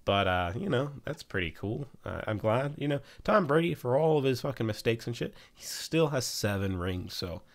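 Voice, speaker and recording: A man's voice: medium pitch, animated, normal speed, few pauses. A young man hosting a casual weekly football news recap, swearing freely as he talks. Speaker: sports news host.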